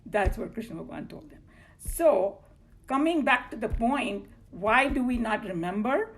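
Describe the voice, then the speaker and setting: A woman's voice: on the high side, expressive, measured pace, a little hiss or hum. A woman with an Indian accent teaching a scripture class in a chatty, loose way, telling personal stories. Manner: chatty, loose phrasing, slips into Hindi.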